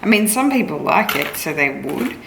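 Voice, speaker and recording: A woman's voice: low voice, very animated, normal speed, vocal fry. A tired, weak-sounding young Australian woman chatting straight to her viewers in a casual daily vlog, recorded on a handheld camera. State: tired and weak after illness. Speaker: vlogger. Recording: noisy handheld vlog audio.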